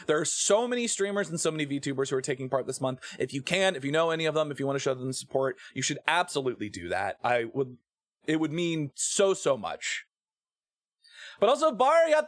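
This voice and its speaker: Male streamer, slightly high voice, loose casual chat to his viewers, dry close mic. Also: no echo. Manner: chatty, filler-heavy, greets chat by name.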